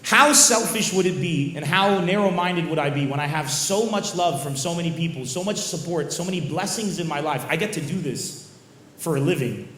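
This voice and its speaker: A male stand-up comedian answering audience questions after a show, telling crude stories in an animated, shouty way on a stage mic. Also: a little high, normal speed. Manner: animated, shouty storytelling with bursts of crude jokes. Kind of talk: post-show Q&A banter. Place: live venue stage with audience. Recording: roomy venue with faint crowd noise.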